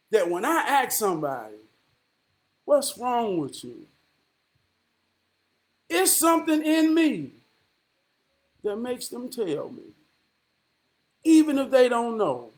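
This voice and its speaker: A man's voice: very high-pitched, huge pitch swings, slow pace, long pauses. A man delivering an impassioned monologue, emphatic and profane, firing off rhetorical questions and tagging "man" onto his lines. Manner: repeats "man" as a filler.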